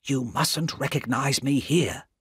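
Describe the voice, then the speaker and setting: A reader voicing a frightened man who talks low and hushed, hiding that he is a spy, in a storybook reading. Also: slow, slightly rough, no echo, studio quality. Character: frightened man spying in secret.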